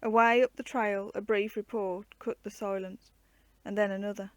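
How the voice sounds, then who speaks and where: A woman reading an adventure book aloud as a storyteller, measured and expressive. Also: medium pitch, no echo.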